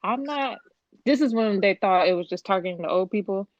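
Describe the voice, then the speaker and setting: A woman's voice: medium pitch, quick pace, a little mellow, no room sound. A woman co-hosting a casual podcast chat, blunt and exasperated, swearing freely. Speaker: podcast co-host. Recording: slightly dull lo-fi sound.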